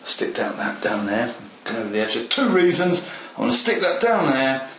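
A man's voice: medium pitch, very animated, normal speed, a bit bright, roomy sound, slight background noise, rough recording. A man hosting a model railway tutorial, chatting eagerly to the viewer as he works through a hands-on craft demonstration. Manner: chatty and enthusiastic, talks to the viewer.

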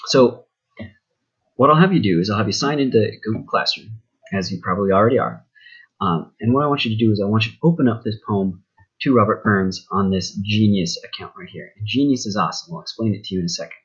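A young male teacher talks through a recorded lesson in a loose, rambling way, full of fillers and asides. His voice is low and a little husky. The recording sounds dull and lo-fi. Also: fast talker.

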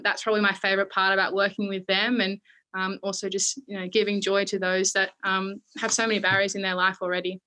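Young Australian woman, twenties, guest interview; bright, forward tone, hesitant, lots of ums and restarts. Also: medium pitch, poor audio. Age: 20s. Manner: halting, many fillers and restarts. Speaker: guest athlete. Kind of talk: interview, personal recollection.

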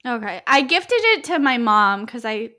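A woman's voice: on the high side, very animated, measured pace, pushed and bright. A young woman co-hosting a podcast in casual chat, rambling and laughing, full of fillers. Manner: rambling, giggly, lots of fillers. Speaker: podcast co-host.

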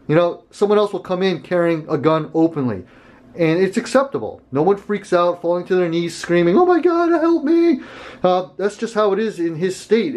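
Chatty man with a higher voice. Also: a little mellow. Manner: chatty, rambling with fillers and asides. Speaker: gun channel host. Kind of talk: casual product talk to camera.

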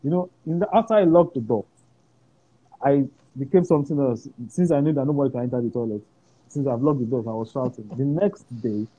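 A man's voice: mid-range voice, fairly quick, warm tone, breathy edge. A man telling a personal story in an interview, acting out quoted voices and laughing often. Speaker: interview guest. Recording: dull lo-fi sound with faint hiss.

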